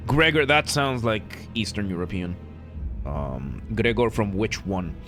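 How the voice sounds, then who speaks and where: A man's voice: lowish voice, expressive, a little slow, fairly bright tone, faint music behind. A man streaming a game, chatting casually and joking with chat in a rambling, self-correcting way. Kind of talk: casual live-stream commentary.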